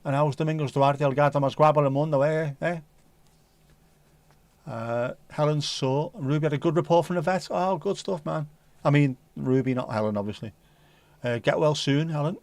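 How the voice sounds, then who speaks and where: A man's voice: fairly high pitch, normal speed, darkish tone, dry recording. A man hosting a casual livestream who reads viewer comments in a jokey, rambling, playful way. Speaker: livestream host.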